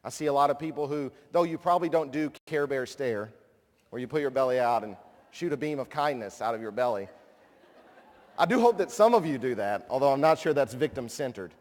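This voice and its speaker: A man's voice: medium pitch, lively intonation, a little fast, a little mellow. A man in his thirties giving a conference speech, telling a personal story with self-deprecating humor before he introduces a guest. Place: large conference hall. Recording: long hall reverb.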